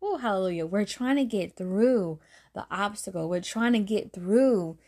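A woman's voice: mid-range voice, normal speed. Earnest woman sharing a faith story. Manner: earnest, animated, laughs often, repeats phrases. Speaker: podcast host giving a devotional talk. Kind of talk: casual faith-based storytelling.

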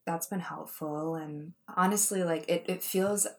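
A woman's voice: on the low side, steady tone, measured pace. A woman in casual chat, reflective and a bit hesitant, with many fillers.

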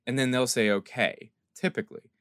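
Podcast co-host, man, mid-pitched, earnest and rambling, dry close mic. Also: steady tone, a little fast, fairly bright tone, clear, resonant tone, no echo. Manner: earnest, rambling with restarts and acted-out quotes. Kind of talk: casual podcast chat.

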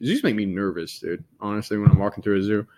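Fast-talking, with a low-ish, dark-toned voice, a man co-hosting a podcast in the Dallas area keeps the conversation loose and laid-back. He swears a lot and drops "dude" constantly.

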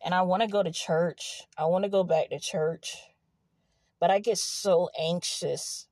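A woman's voice: fairly low pitch, steady tone, a little slow, a little mellow, no room sound. A young woman vlogging casually from a car in an empty parking lot, rambling and laughing as she tells a story. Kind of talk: casual confessional vlog.

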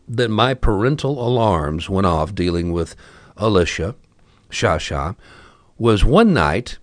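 A man's voice: fairly low pitch, dry recording. A man telling a story casually, wry and chatty with asides to the listener.

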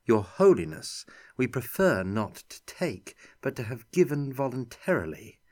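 A man voicing a shrewd female envoy who speaks smoothly and placatingly, with an edge of threat. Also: medium pitch, big pitch swings, unhurried, pitched above the performer's own voice. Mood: diplomatic.

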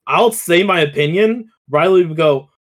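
A man co-hosting a podcast in casual chat, animated, swearing and laughing often. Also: a little high, moderate pace. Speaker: podcast co-host.

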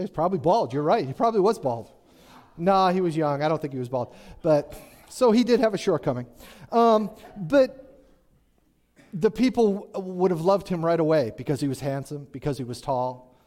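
A man with a slightly high, darkish voice preaches a conversational sermon. He keeps things chatty, poses questions to the congregation, and slips in joking asides.

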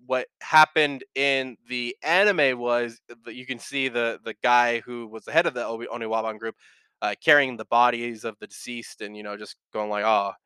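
A man hosts a podcast in a loose, rambling chat, stopping and restarting his sentences and swearing casually. His voice is bright and very clear. The sound is dry and close, with no room around it. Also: mid-range voice, dry recording. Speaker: podcast host.

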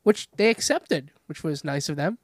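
A man's voice: a little high, expressive, normal speed, no echo, studio quality. A man with a head cold, co-hosting a podcast in blunt, casually profane chat. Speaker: podcast co-host.

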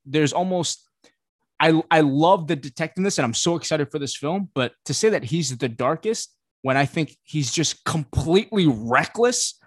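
A young man hosting a podcast, talking in an animated, profane, opinionated way in casual chat. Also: on the high side, no room sound, clean studio sound. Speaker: podcast host.

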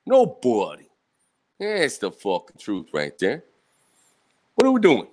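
Exasperated swearing man with a lively voice. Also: mid-range voice, takes it slowly. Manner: sarcastic, exasperated, swears a lot. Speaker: host reacting to podcasts. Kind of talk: profane casual commentary.

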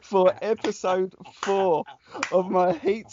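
A man's voice: high-pitched, level tone, slow, dull audio, background noise. A man with a British accent hosting a podcast interview, eager and prone to hesitant restarts. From United Kingdom. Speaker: podcast host.

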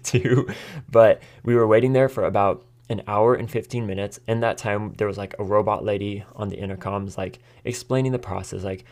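An American man hosting his own podcast tells a story in a chatty, relaxed way, often laughing and acting out what people said. His voice is lowish and a little mellow.

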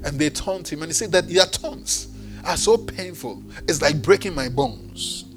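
A man's voice: high voice, normal speed, creaky, music in the background. A man preaching a sermon, reading scripture aloud with rising and falling emphasis. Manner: expressive preaching, reads scripture aloud with swells and drops.

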